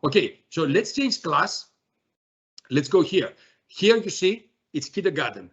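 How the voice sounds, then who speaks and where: A man presenting a software demo in a webinar, talking haltingly with many fillers and restarts. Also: a little high, big pitch swings, husky, muffled recording.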